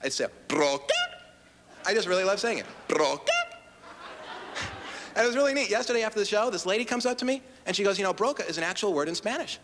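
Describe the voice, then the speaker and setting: A man performing a wry, deadpan stand-up routine in a TV studio with a live audience. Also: sits high, rapid-fire, big-room sound. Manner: deadpan, wry, drops into quoted voices. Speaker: stand-up comedian. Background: crowd laughter and noise.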